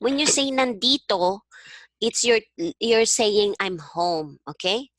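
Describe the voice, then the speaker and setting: A woman's voice: on the high side, takes it slowly, a bit bright, dry recording. A woman language tutor, a native Tagalog speaker, giving a one-on-one online lesson. She is encouraging and checks understanding with a frequent "okay?". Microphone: video call.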